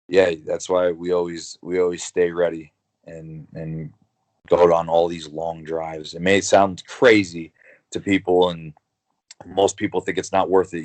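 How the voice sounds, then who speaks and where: A young man with a deep voice talks as a guest about his wrestling career. He rambles bluntly, full of fillers and restarts. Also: a little mellow. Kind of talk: casual interview.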